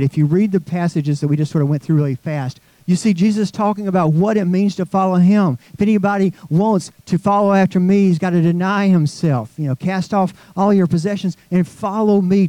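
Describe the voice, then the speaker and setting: Man preaching, mellow and dry. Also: high-pitched, no room sound, rough recording. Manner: conversational preaching, asks the congregation questions. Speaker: pastor. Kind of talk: sermon.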